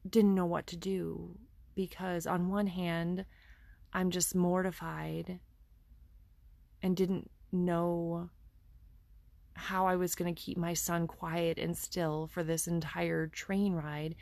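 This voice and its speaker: Slow, gravelly-voiced woman telling a story. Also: fairly low pitch, no room sound. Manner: earnest, conversational, with restarts. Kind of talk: personal story narration.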